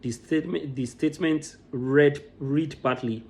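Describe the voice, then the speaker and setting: A man's voice: fairly high pitch, steady tone, unhurried. Impassioned man commenting. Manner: emotional, repeats words as he restarts.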